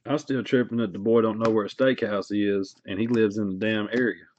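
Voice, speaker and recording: A man's voice: on the low side, steady tone, a little fast, a little mellow. A man hosting a card break stream, chatting casually and teasing viewers in a joking storytelling way. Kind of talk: casual livestream chat. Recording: dull, slightly noisy stream audio.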